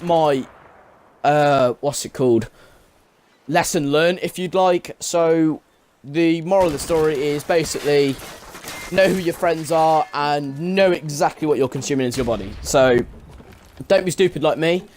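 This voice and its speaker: Young man, rambling, swears a lot, casual storyteller, faint noise behind. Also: fairly high pitch. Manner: rambling, swears often, leans on "like" fillers. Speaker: vlogger.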